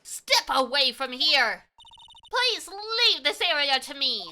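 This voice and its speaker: A woman voicing a composed older female spirit medium who speaks formally and calmly. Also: sits high, a little hiss or hum, exaggerated voice. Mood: grave. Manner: formal, calm, measured.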